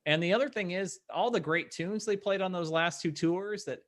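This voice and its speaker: A man's voice: sits high, moderate pace, fairly bright tone. A middle-aged man hosting a live video panel, talking earnestly and casually like a devoted fan. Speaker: host. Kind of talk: casual panel chat, wrapping up the show. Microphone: video call.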